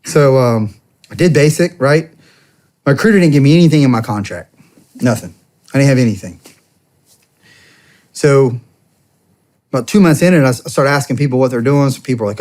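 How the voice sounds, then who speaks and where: A man's voice: mid-range voice, brisk, pauses often. Man in his thirties telling stories. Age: 30s. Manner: animated, acts out quoted dialogue. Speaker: podcast guest. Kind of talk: casual storytelling.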